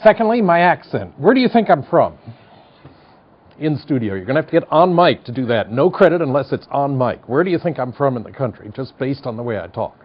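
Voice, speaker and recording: A man's voice: mid-range voice, big pitch swings, fairly quick. A man in his sixties with a General American accent and a slight Midwestern twang, giving a university psychology lecture in a wry, chatty, digressive way. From United States. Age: 60s. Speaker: psychology professor. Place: studio classroom. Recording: dull lo-fi lecture tape.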